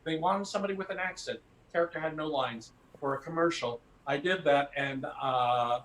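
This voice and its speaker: An older actor chatting in a rambling, anecdotal way, chuckling between stories. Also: male voice, fairly high pitch, normal speed, few pauses, fairly bright tone, slight background noise. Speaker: actor guest. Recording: roomy echoey sound.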